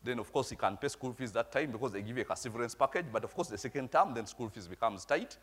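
A man's voice: mid-range voice, expressive, fast talker, a bit bright, breathy edge. A middle-aged man, preaching a storytelling sermon and checking in with his congregation. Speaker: pastor.

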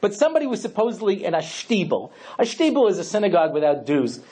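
A man's voice: high-pitched, very animated, fast, mellow. A man, a rabbi, giving a humorous lecture, telling stories with lots of conversational asides. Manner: storytelling with lots of you-know asides.

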